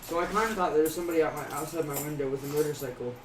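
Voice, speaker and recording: A man's voice: on the high side, racing, music in the background. A young man co-hosting a livestream who chimes in briefly in a laid-back way. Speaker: co-host. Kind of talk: casual live-stream chat. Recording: echoey room, from far off, noisy.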